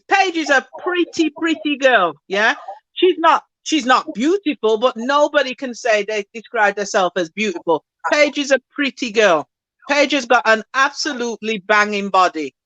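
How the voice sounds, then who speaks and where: A woman talking bluntly and emphatically in a casual recap chat. Her voice sits somewhat high. The sound is dry and close. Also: bright, forceful tone, no room sound, rough recording. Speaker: co-host.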